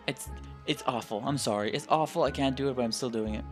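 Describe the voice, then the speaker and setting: A man's voice: medium pitch, a little fast, faint music behind. A man hosting a game playthrough, narrating the story and commenting casually, swearing and self-deprecating. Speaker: let's play host.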